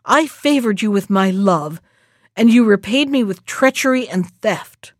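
A woman's voice: mid-range voice, animated, measured pace, no room sound, clean studio sound. A woman reading aloud and voicing a fierce, vengeful young witch maiden in a storybook.

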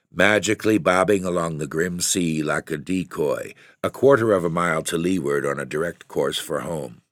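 A man reading a literary story aloud in a measured, steady narration. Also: low voice, no room sound, studio quality. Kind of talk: scripted audiobook narration.

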